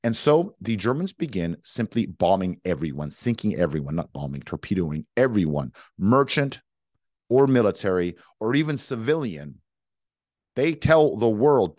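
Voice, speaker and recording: A man's voice: lowish voice, big pitch swings, moderate pace, darkish tone, no room sound, studio quality. A young man giving an emphatic history lecture, repeating words and speaking for both sides in first person. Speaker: history teacher.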